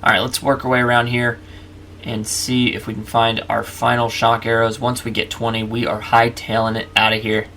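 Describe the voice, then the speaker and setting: A man hosts a let's play in easy, chatty commentary, narrating each step as he goes. His voice sits at an ordinary middle pitch with a gravelly, fried edge. A faint hiss runs under the recording. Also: monotone, moderate pace, sharp tone. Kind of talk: casual gameplay commentary.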